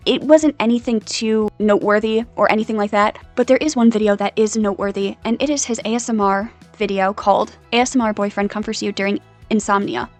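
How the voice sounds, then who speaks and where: Woman doing a casual commentary vid, kinda high voice, says like a lot. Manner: casual, lots of filler like "kind of, like". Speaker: commentary host. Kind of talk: online commentary.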